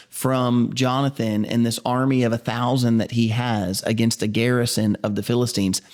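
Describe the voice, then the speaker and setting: A middle-aged pastor teaching a Bible passage on video, reading scripture slowly and then explaining it in a conversational way with rambling asides. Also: male voice, lowish voice, a little mellow.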